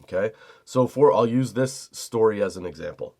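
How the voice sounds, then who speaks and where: Profane storytelling man, low voice. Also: expressive, normal speed, gravelly, mellow. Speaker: comedy podcast host. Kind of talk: storytelling monologue.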